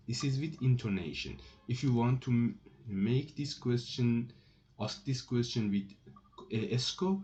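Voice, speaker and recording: A man teaches French in a slow, explanatory lesson, with a mellow, medium-pitched voice and lively intonation. He is slow and repetitive, often restarting phrases, and the dull lo-fi recording picks up keyboard typing.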